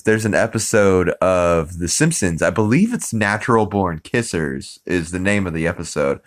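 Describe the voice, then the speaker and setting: A man hosting a podcast, casually recapping a cartoon episode, rambling with many fillers. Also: sits low. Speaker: podcast host.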